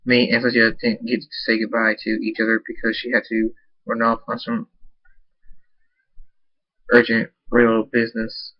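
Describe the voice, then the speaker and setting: A man's voice: medium pitch, monotone, moderate pace, long pauses, husky, no echo. A man narrating his own fan story aloud in an unpolished reading that stumbles over words. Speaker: amateur fan-fiction narrator. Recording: dull lo-fi dry recording.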